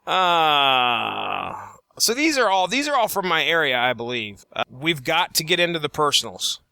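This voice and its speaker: Lively, bright-voiced man reading aloud. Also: on the high side, normal speed, creaky, no echo. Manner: animated, laughs often while reading. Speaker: podcast co-host. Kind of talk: casual podcast chat, reading listings aloud.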